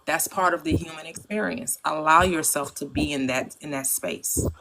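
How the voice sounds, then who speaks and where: A mid-pitched speaker in a spiritual chat agrees warmly with the others. They keep turning their points into rhetorical questions as they talk. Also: normal speed, vocal fry, rough recording. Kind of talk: spiritual conversation.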